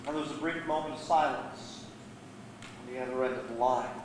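A man's voice: mid-range voice, brisk, recorded from a distance, noisy background. A man, a guest preacher, telling a sermon story with dramatic, varied delivery in a church sanctuary. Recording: echoey church hall.

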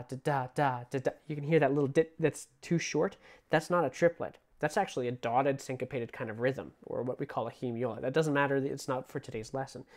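A male music teacher talks through an online theory lesson in a relaxed, chatty way. He sings rhythm syllables aloud to show them, and his voice sits at an ordinary middle pitch.

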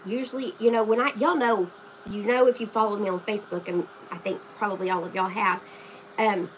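A woman's voice: medium pitch, fairly bright tone, a little hiss or hum, rough recording. A woman hosting a casual live craft stream, chatting to viewers by name while she paints. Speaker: craft livestream host.

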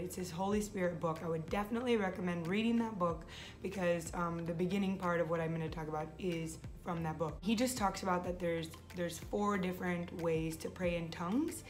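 A young woman hosting her faith vlog, talking casually and eagerly, often restarting her phrases. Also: lowish voice. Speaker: vlog host.

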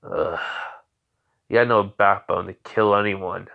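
A man's voice: lowish voice, steady tone, slow pace, vocal fry, muffled recording. A man voicing a psychotic teenage boy killer who speaks in cold, mocking taunts. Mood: disgusted.

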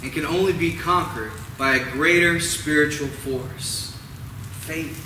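A man preaching a sermon, stressing words and letting phrase ends drop soft and low. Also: slight background noise. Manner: dramatic, drawn-out emphasis with falling, softening phrase ends. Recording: roomy echo, mic at a distance, faint ambience.

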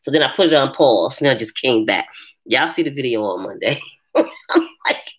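A woman hosting a casual live chat, answering viewers' comments in an animated way and laughing often. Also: very deep voice, normal speed. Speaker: live stream host.

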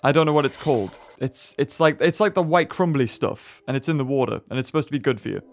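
A man's voice: mid-range voice, fast, vocal fry. A man from England, hosting casual let's-play commentary, rambling and chatty with lots of fillers and restarts. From northern England. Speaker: gaming video host.

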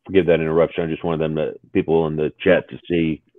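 A man with a very low voice hosts a live stream, speaking in halting bits full of fillers. His audio is thin and tinny, like a phone line. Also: little pitch movement, a little hiss or hum. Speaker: show host.

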